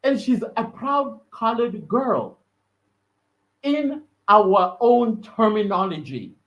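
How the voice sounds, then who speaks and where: South African male podcaster, solo rant, high animated voice, emphatic, slightly muffled audio. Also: slow pace. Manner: earnest, emphatic, repeats words for stress. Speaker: podcast host.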